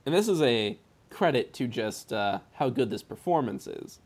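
A man talking casually about a film with a friend, laughing often and slipping into quick impressions of the characters. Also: medium pitch, animated, breathy edge. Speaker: film podcast co-host.

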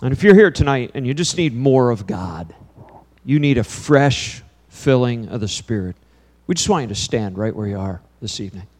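Animated storytelling pastor in his fifties. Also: medium pitch, moderate pace. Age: 50s. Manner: animated storytelling that turns quiet and earnest. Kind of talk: sermon with storytelling. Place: church before a congregation.

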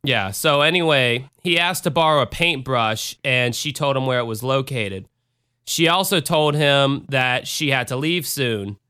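Chatty American man, bright clear voice. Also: medium pitch, a little slow. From United States. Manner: chatty, retells cases with asides and bad impressions. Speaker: podcast host. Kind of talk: casual true-crime chat.

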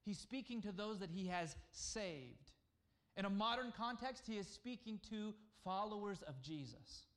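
A man preaching a conversational sermon, at times dropping to a hushed voice to speak as God. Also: high voice, lively intonation, unhurried. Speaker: pastor.

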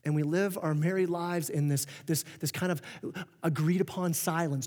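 Guy preaching in a big echoey church, talks kinda high, keeps restarting his sentences. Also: normal speed. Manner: earnest, animated preaching with frequent restarts and quoted asides. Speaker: pastor. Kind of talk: sermon. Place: church auditorium. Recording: long reverb of a church hall.

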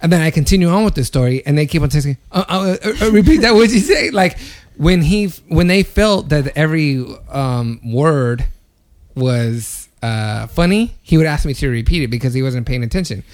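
A man hosting a casual podcast chat, telling an animated story with a lot of swearing. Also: on the high side, moderate pace. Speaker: podcast host.

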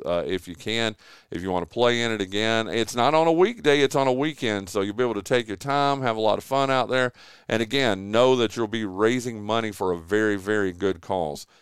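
In a radio studio, close-miked with dry, studio-quality sound, a man with a fairly low, clean voice hosts local sports radio. He talks casually and meanders through ad reads, using plenty of filler words.

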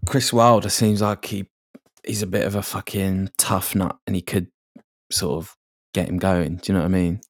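A man's voice: sits low, flat delivery, moderate pace, no echo, studio quality. A man in a casual football chat, swearing and laughing often. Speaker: podcast co-host.

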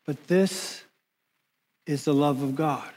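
A man preaching a sermon as pastor, measured and emphatic, slowing down and pausing to stress key words. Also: on the high side, a little mellow.

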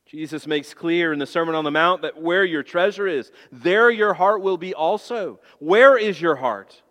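Pastor guy preaching in a church, kinda high voice, big reverb hall. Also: moderate pace. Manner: emphatic preaching, swinging from soft and low to loud and high. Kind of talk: sermon.

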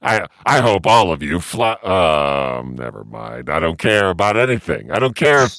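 Deep-voiced man in sheepish banter. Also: very animated, moderate pace, fairly bright tone, no echo, studio quality. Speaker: comedy podcast cohost. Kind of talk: improvised comedy banter.

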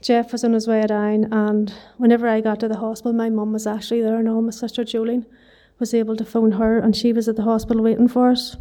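A woman's voice: a little high, monotone, quick pace, hardly any pauses, warm tone. Earnest Northern Irish woman giving testimony. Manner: earnest storytelling with many "you know" fillers and wee. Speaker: church member giving testimony. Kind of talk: personal testimony.

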